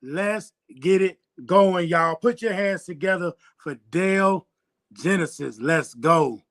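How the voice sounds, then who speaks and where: An upbeat man hosting a poetry slam with a high, bright voice. He keeps the crowd going and brings on the next poet. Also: slow pace. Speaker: host. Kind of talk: hyping a live show.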